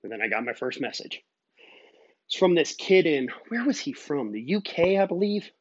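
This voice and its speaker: A man's voice: fairly high pitch, sing-song, normal speed, breathy edge, no echo, highs cut off. A man hosting his own podcast, telling stories in an earnest, rambling way. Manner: earnest, rambling storytelling with fillers. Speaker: podcast host. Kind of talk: casual solo podcast monologue.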